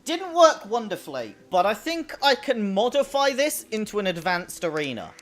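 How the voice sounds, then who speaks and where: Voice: mid-range voice, very animated, normal speed, a bit bright, soft background music. A young adult streamer with a childlike, babyish voice, chatting playfully while commenting on a game. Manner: playful, chatty, reads out chat. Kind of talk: casual live gameplay commentary.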